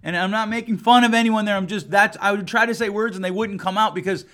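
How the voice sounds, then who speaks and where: Bright-voiced, blunt male therapist. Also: high voice, steady tone, fast talker. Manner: emphatic, blunt and conversational. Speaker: family therapist and podcast host. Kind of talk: casual podcast talk.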